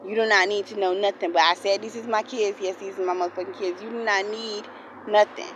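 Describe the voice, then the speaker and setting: A woman's voice: medium pitch, fairly even intonation, fast talker, slight background noise, low-quality recording. Young woman ranting, swearing. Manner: heated, swearing, repetitive. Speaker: vlogger. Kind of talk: angry storytime rant.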